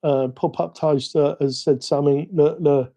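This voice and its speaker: Chatting away during his hobby live stream while he works, this man rambles in a Cockney accent and makes self-mocking asides. The voice is a little high and warm, with fairly even intonation and a moderate pace.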